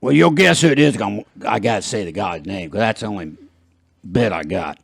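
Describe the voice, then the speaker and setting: A man's voice: fairly low pitch, big pitch swings, fast talker, gravelly, dry recording, clean studio sound. A man, hosting a podcast in a loose, rambling, jokey way and laughing at his own jokes. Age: 50s. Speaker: podcast host. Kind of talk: casual chat.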